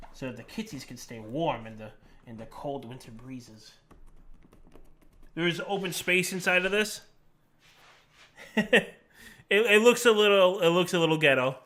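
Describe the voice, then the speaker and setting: A man's voice: a little high, a bit bright. A young man chatting casually on a live stream, joking and self-deprecating as he talks to his cats and to viewers.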